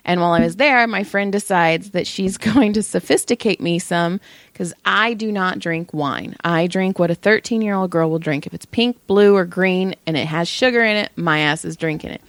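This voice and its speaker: A woman co-hosting a podcast, chatting casually and telling profane, animated stories. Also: fairly low pitch, moderate pace, dry recording. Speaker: podcast co-host. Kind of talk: casual chat.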